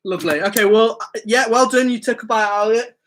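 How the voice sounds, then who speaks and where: A man's voice: high voice, fast, background noise. A man hosting a casual youth live stream, teasing his co-host and laughing as he eggs him on. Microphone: live stream mic.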